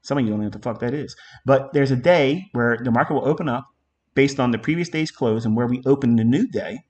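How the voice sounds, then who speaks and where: A man's voice: medium pitch, fast talker, darkish tone. Emphatic, profane male trading mentor. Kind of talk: live trading lesson.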